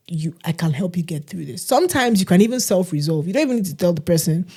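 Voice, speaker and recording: A woman, co-hosting a casual podcast and telling stories in an animated way. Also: medium pitch, fast talker, slightly rough. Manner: animated storytelling, mimics others' voices. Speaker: podcast co-host. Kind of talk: casual chat.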